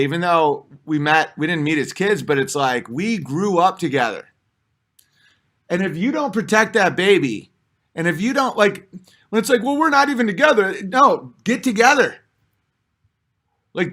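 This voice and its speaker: A man's voice: high-pitched, sharp tone. A man in his thirties, a comedian hosting his own show, ranting in a blunt, profane, rambling monologue.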